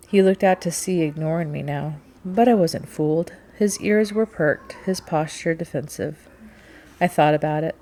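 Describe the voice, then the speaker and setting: Woman reading a novel aloud, first person, lowish calm voice. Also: moderate pace. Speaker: audiobook narrator. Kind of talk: first-person audiobook narration.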